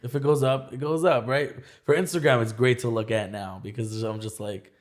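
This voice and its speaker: A man's voice: mid-range voice, steady tone, brisk. A young man talking as a podcast guest in casual chat, rambling with many restarts. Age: young adult.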